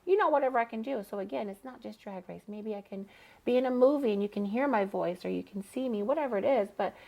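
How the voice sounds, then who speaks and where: A trans woman chatting as a podcast guest, earnest and a little rambling. Her voice has a gravelly, fried texture at a medium pitch. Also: quick pace, darkish tone. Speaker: podcast guest, drag performer. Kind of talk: casual interview chat.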